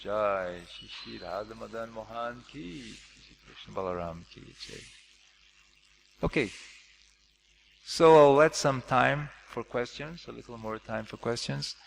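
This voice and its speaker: Lively man lecturing in an echoey hall. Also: medium pitch, a little slow, vocal fry, long pauses. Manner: lively, jokey questioning of audience. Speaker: class speaker. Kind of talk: scripture class lecture. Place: temple hall. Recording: echoey hall with faint noise.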